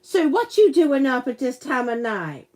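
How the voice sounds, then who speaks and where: A woman with a drawl talks casually to her live stream viewers. Her voice sits a little high, and she rambles and giggles her way through stories and replies to chat. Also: sing-song, measured pace, darkish tone. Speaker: livestream host and teacher.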